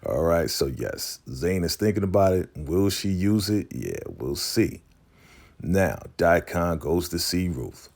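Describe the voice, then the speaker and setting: A man with a deep voice chats through a TV episode recap. He acts out the characters' lines in a lively way. His tone is husky and breathy. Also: measured pace. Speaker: show recap host.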